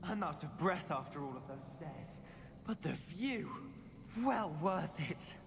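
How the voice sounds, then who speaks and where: A curious young wizard student: quiet, measured lines, fairly high voice, long reverb. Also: male voice, expressive. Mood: musing. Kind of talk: game dialogue. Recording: long reverb, clear background noise.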